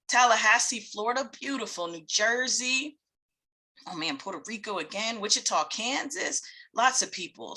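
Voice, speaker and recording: A woman's voice: medium pitch, pushed and bright. A woman hosting a live online webinar, greeting attendees one by one by where they join from, upbeat and laughing often. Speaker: webinar host and facilitator.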